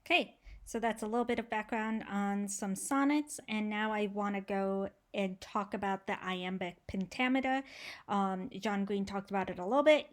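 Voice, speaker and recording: A woman teacher giving a casual classroom mini lesson, explaining with relaxed fillers. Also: medium pitch, moderate pace.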